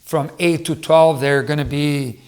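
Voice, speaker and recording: A man's voice: fairly high pitch, steady tone, unhurried, darkish tone. A middle-aged man, a former teacher, giving earnest advice to camera in a casual talk, with restarts and repeated words. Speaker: motivational speaker and former teacher.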